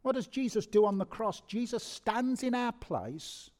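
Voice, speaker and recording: Preacher in a reverberant hall. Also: male voice, very high-pitched, expressive, unhurried, a little mellow. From England. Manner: earnest, conversational preaching with repetitions and rhetorical questions. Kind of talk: sermon. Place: church hall. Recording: long reverb of a church hall.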